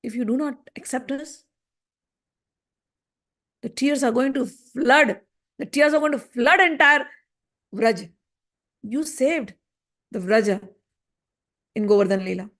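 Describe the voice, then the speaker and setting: A high-voiced woman leads a scripture class. She tells the story with animation and acts out the voices of the people in it. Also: slow pace, long pauses, a bit bright.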